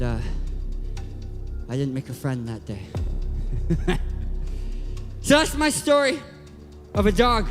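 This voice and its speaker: A man, a guest speaker, telling comedic stories in a sermon, animated and self-deprecating, breaking into loud bursts. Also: a little high. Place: church hall. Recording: reverberant hall with faint music.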